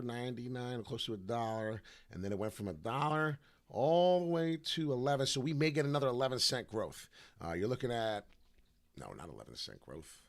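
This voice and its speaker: A man giving casual crypto chart analysis, loose and animated, tossing in "right?" constantly, his voice rough in the morning. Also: fairly low pitch. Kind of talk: casual livestream chart talk.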